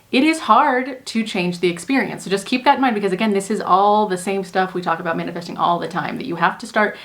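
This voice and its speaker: A young adult woman, a manifestation coach, explaining a technique calmly and earnestly step by step in a casual teaching talk. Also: fairly low pitch. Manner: calm, earnest explaining in spoken steps.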